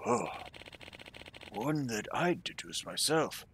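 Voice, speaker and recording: A man's voice: mid-range voice, big pitch swings, slow, fairly bright tone, slight background noise, full character voice. A man voicing a weary, dismissive male writer in a fan game dub, speaking in a dry, tired way.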